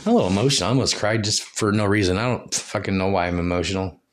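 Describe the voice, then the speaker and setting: A man's voice: low voice, rapid-fire. Rambling, foul-mouthed man hosting a podcast. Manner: profane, loose, laughs between thoughts. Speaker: podcast host. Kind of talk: rambling solo podcast chat.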